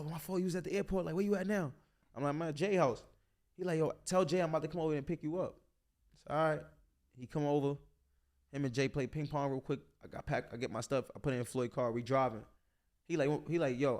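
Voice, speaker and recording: A young man, a boxer, telling stories in a casual interview, animated and slangy, full of "like" fillers. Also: medium pitch.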